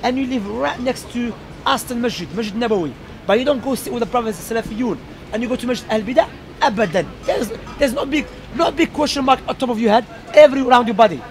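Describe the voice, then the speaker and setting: A man's voice: very high-pitched, fast. A man arguing insistently in a heated street debate, repeating his points as he presses them. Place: outdoors with a crowd. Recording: outdoor clip with crowd and street noise.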